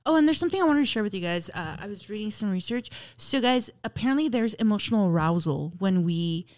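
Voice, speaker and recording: A woman's voice: mid-range voice, expressive, fast, dry recording. A woman co-hosting a casual podcast chat, playful and reading research findings aloud to the table. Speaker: podcast co-host.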